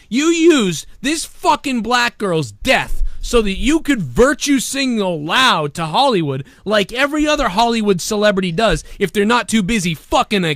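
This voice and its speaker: A man hosting a live-streamed talk show, ranting profanely and swinging between a low grumble and loud shouting. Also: no echo, clean studio sound. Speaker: podcast host.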